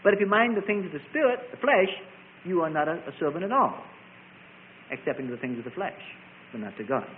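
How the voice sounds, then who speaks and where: A high-pitched man preaches with a lively voice that swings up and down, hammering his points through repeated contrasting phrases. The sound is thin and tinny, like a sermon heard over a phone line. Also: fairly quick, slight background noise.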